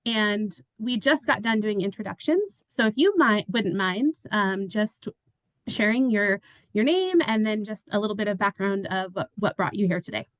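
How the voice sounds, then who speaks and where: A woman's voice: medium pitch, moderate pace, no echo, poor audio. A woman who works as an executive assistant, running an online public meeting in a friendly way with many fillers. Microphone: video call.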